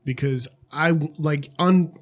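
A young man telling a story in casual chat, expressive and full of swearing. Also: fairly high pitch, unhurried.

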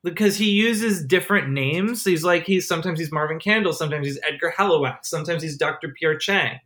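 Rambling excitable podcast co-host. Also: mid-range voice, fairly quick. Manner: rambling, excitable, many restarts. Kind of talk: casual chat.

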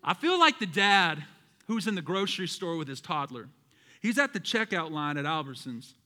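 A man's voice: fairly high pitch, very animated, normal speed, bright, forceful tone, long reverb tail. A man preaching a sermon as pastor, emphatic and calling out to his congregation. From American South.

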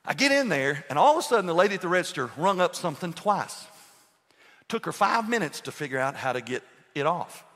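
A man's voice: sits high, very animated, normal speed, sharp tone. A man in his sixties preaching a sermon as pastor, telling humorous stories and quizzing the congregation. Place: church sanctuary. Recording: long reverb of a large church hall.

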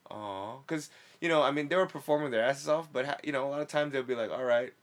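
A stand-up comedian in casual chat, talking loosely with slang and swearing. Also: male voice, fairly high pitch, fast talker.

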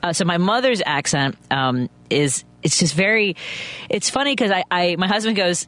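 A woman's voice: lowish voice, animated, moderate pace, fairly bright tone, no echo. Chatty Chicago woman radio host. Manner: chatty, storytelling, many restarts. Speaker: radio talk show host and stand-up comic. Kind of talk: radio talk show chat.

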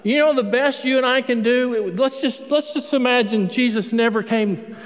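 High-voiced priest preaching in a hall. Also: male voice, normal speed. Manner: conversational preaching, emphatic repetition. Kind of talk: sermon. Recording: long hall reverb.

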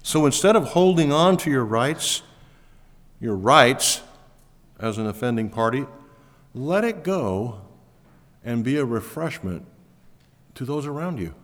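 A male pastor delivers a sermon with a lively, swinging pitch, lifting and pressing on each word he stresses before sinking low again. His voice rings through a church hall with a long reverb tail. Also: unhurried, pauses often. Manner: emphatic, rising to stress key words, then dropping low. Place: church auditorium.

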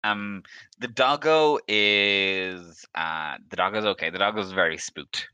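A man runs a tabletop game with a low but very bright voice. He narrates with lots of fillers and laughs, recorded close on a dry mic. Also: takes it slowly, clear, resonant tone, dry recording. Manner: laughs often, hesitant fillers. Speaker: game master.

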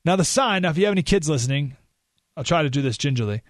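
A man hosting a talk radio show, telling a story in an animated, emphatic way with rising indignation. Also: on the high side, quick pace, no echo, clean studio sound. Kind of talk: opinionated radio monologue.

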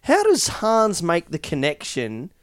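A man co-hosting a podcast, chatty and joking, with a voice that jumps around a lot. His pitch sits a bit high, and the sound is dry and close. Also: no echo. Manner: animated, chatty, quick to joke. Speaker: podcast co-host. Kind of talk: casual chat.

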